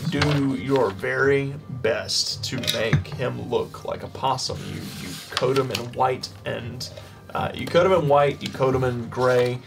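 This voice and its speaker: A man as game master, narrating a tabletop game with halting restarts. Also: medium pitch, gravelly. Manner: halting, restarts while describing. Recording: mic a bit distant, background music.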